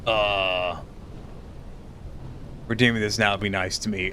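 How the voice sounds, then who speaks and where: A man's voice: fairly low pitch, steady tone, unhurried, bright, forceful tone, slight background noise. A man streaming live, chatting casually and teasingly with his viewers while tired and rambling.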